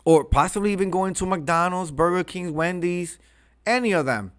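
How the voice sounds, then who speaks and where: A man's voice: high-pitched, moderate pace, fairly bright tone, clean tone. A man hosting a reaction commentary, mocking and crude in his remarks. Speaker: commentary host.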